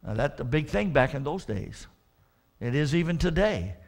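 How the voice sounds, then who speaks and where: A man pastor delivering an earnest sermon, often restarting with repeated words and swelling into loud emphatic warnings. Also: fairly high pitch, big pitch swings, moderate pace.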